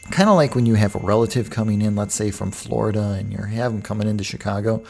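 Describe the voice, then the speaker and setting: A man's voice: lowish voice, fast talker, creaky, darkish tone. A man hosting a podcast, talking in a rambling, digressive way with frequent restarts. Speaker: podcast host. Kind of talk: casual monologue.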